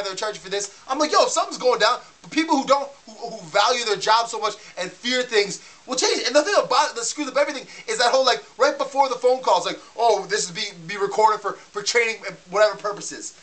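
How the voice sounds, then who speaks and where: A man's voice: high voice, fast talker, few pauses, sharp tone. A man ranting to camera in a casual vlog, heated and fired up, stumbling and restarting his sentences as he gets worked up. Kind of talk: casual rant.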